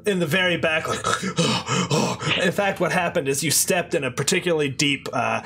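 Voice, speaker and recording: A man narrating a tabletop game as game master, descriptive and halting, with frequent fillers and restarts. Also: a little high, sharp tone, breathy edge.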